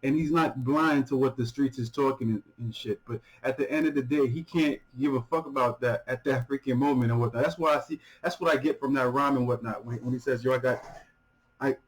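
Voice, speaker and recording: A man hosting a music reaction video, talking casually and excitedly, stumbling over repeated words, swearing freely and laughing often. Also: medium pitch, fairly quick, hardly any pauses, rough recording.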